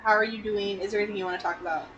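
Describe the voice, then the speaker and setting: A woman's voice: medium pitch, fairly even intonation, racing, fairly bright tone, lo-fi sound. A woman co-hosting a casual chat, asking probing follow-up questions. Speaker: podcast co-host.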